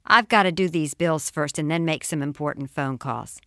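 A woman's voice: deep voice, normal speed, fairly bright tone, dry recording, clean studio sound. A woman voicing a distracted father who puts off his daughter while he pays the bills. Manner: distracted, brushing off.

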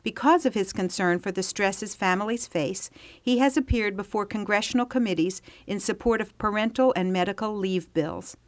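A woman's voice: mid-range voice, moderate pace, no room sound. A woman co-host formally introducing her guests and asking the first question. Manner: formal, warm welcome.

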